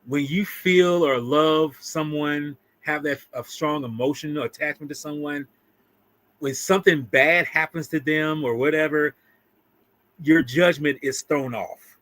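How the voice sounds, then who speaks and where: Animated man riffing on a film. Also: a little high, a little slow, no echo. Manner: animated, swears freely, acts out lines. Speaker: film review co-host. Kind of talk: casual film discussion.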